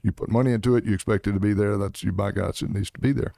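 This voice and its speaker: Brief: middle-aged male political guest, gravelly and dark-toned, blunt and emphatic. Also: lowish voice, fairly even intonation, racing, no echo, studio quality. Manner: blunt, emphatic, punchy short commands. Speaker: Senate candidate guest. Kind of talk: political interview.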